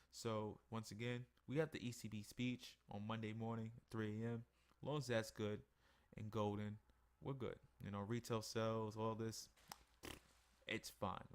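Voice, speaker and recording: A sleepy man with a gravelly, somewhat low voice walks through his trading charts in a loose, conversational way. He sounds worn out after a long day. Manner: tired, yawning, relaxed and conversational. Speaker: forex trading analyst. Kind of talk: casual screen-share market review.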